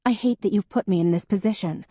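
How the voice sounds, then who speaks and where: Narrator putting on a defensive young woman, emotional, pitched up. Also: moderate pace, dry recording, studio quality, lightly acted. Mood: upset. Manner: sharp, raised, emotional.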